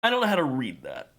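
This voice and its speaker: Man streaming a game, half-awake, rambling; bright voice, animated pitch. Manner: rambling, self-correcting, laughs at himself. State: sleepy, yawning. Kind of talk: casual gameplay commentary.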